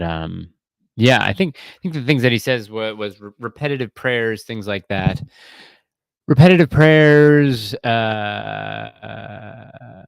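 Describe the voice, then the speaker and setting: A man's voice: on the low side, creaky, clear, resonant tone, no room sound. A man hosting a casual livestream, chatting and rambling with many fillers and restarts. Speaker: livestream host.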